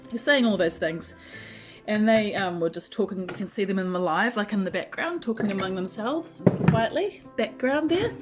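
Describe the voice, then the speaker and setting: A woman talks casually to camera from her lounge at home, rambling with frequent ums as she thinks aloud. Her pitch sits in an ordinary middle range. Music plays clearly in the background. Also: low-quality recording. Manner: talks to her cat mid-story. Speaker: vlogger. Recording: music playing behind.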